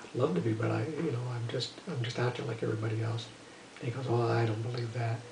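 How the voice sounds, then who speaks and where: An older man telling a long casual story about his life as a musician, rambling and filling pauses with "you know" and "uh". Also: mid-range voice, fairly even intonation, vocal fry, darkish tone, a little hiss or hum. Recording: roomy echo, voice from a distance.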